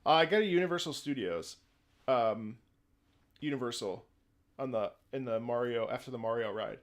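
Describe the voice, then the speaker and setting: A male streamer chatting casually with his viewers, relaxed and musing as he answers their questions. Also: medium pitch, moderate pace. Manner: relaxed, musing, talks to chat. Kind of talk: casual live-stream chat. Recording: game music playing faintly behind. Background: video game music.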